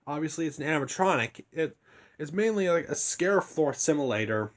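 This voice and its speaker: A young man quietly retelling a story in a rambling, casual review, keeping his voice down so he won't wake anyone. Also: fairly high pitch, expressive, brisk. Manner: rambling, hushed to keep from waking others.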